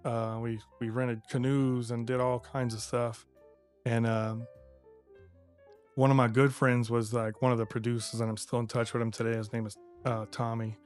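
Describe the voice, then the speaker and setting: A man's voice: medium pitch, little pitch movement, normal speed, smooth, faint music behind. A man with a Cajun accent from Louisiana, a podcast guest chatting casually and telling stories. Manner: chatty, acts out other people's lines in quotes. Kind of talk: casual storytelling chat.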